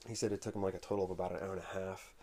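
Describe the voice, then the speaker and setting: Casual male vlogger, lowish dark voice, rambling storyteller. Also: flat delivery. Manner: unhurried, conversational storytelling. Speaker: comic collector vlogger.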